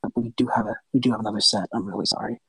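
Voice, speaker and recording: A man voicing a kind, gentle male half-elf bard who talks in earnest, soft-spoken advice. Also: fairly low pitch, steady tone, rapid-fire, gravelly, slightly rough, no echo, exaggerated voice, low-quality recording. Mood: warm.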